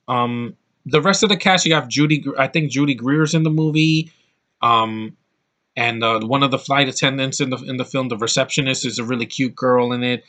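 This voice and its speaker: Bright-voiced man ranting about a film. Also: medium pitch, normal speed. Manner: rambling, opinionated, blunt, frequent restarts. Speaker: film reviewer. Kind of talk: casual film review monologue.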